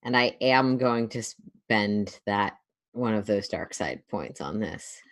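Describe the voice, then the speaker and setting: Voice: mid-range voice, lively intonation, takes it slowly, fairly bright tone. A game master narrating and ruling on a tabletop game.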